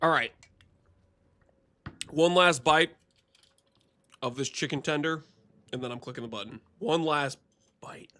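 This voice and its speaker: A man streaming a game live, chatting casually with viewers in an excitable, teasing way and laughing often. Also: fairly high pitch. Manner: excitable, teasing, quick to laugh and banter with chat. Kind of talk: casual live gameplay commentary to chat.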